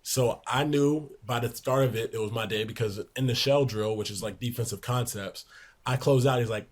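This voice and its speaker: A young man in his twenties, a podcast guest, telling lively locker-room anecdotes in a casual way, laughing along. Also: mid-range voice, normal speed. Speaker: podcast guest, pro basketball player. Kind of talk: casual storytelling in a sports podcast.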